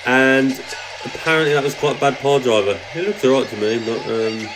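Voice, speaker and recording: A man's voice: medium pitch, brisk, crowd noise, rough recording. British man reading a memo on a podcast. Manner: reads out rules with joking asides. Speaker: podcast co-host. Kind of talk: casual chat, reading a memo aloud.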